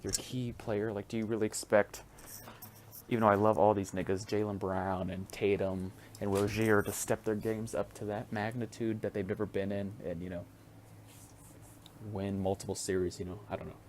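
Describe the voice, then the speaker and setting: Low-voiced profane young podcast host. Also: male voice, flat delivery, moderate pace, darkish tone, a little hiss or hum. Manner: profane, rambling, chuckles often. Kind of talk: casual solo podcast.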